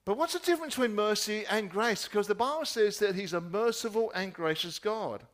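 A man preaching a sermon, asking repeated rhetorical questions and dropping his voice soft at key points. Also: high voice, brisk.

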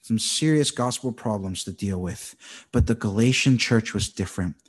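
A man in his thirties preaching a conversational, animated sermon as a pastor, teaching through a Bible passage. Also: fairly low pitch, normal speed, husky.

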